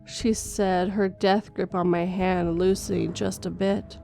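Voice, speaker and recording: A woman's voice: lowish voice, fairly even intonation, measured pace, vocal fry, few pauses, warm tone. Woman narrating a horror story over music. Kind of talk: scripted first-person horror narration. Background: faint music.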